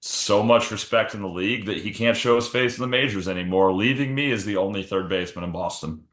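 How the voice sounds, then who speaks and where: A man's voice: fairly low pitch, fast talker, fairly bright tone. Joking man in an echoey room. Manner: jokey, profane, acts out bits in goofy voices. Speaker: podcast co-host. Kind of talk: casual comedic chat.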